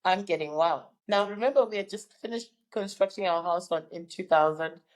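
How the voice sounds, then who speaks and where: A woman's voice: on the low side, brisk, low-quality recording. A woman in her fifties from Zimbabwe, a guest recounting her life story in an interview and acting out the people she quotes. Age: 50s.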